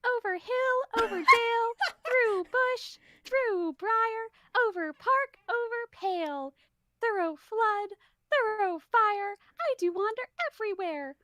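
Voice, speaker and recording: A woman voicing a tiny sing-song female fairy in a very high, squeaky cartoonish voice during a casual read-through. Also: takes it slowly, bright, forceful tone, dry recording, full character voice.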